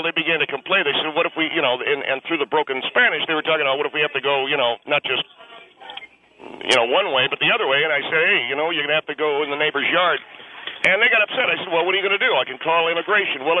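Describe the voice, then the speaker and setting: Male performer as a hyperbolic, self-righteous caller; mid-high voice, muffled, hissy phone sound. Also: lightly acted. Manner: rambling, hyperbolic, self-justifying. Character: blustering bigoted middle-aged conservative male caller. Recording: noisy tinny phone line.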